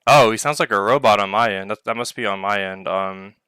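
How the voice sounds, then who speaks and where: A man hosts a loose community Q&A over voice chat, drifting through his points with plenty of ums and uhs. His voice is bright and clean. The sound is dry and close, with no room around it. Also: fairly low pitch, a little fast, clear, resonant tone, dry recording. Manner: rambling, heavy on filler words. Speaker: project owner hosting a community Q&A. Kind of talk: casual live voice-chat Q&A. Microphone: online voice chat mic.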